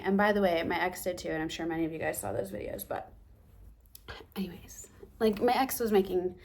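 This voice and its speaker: A young woman telling a story to her camera in a casual vlog, animated and acting out the lines people said to her, with whispered asides. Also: medium pitch. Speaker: vlogger.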